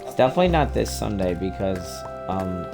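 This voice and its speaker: A man's voice: sits low, big pitch swings, fairly quick, gravelly, over music. A young man in his twenties streaming a game, chatting loosely and swearing often. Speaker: gaming streamer. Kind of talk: casual gaming chat.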